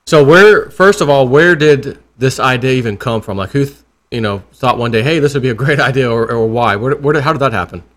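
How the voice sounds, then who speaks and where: A man's voice: medium pitch, brisk, hardly any pauses, fairly bright tone. Rambling, jokey man hosting. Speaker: crypto YouTube host. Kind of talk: casual interview.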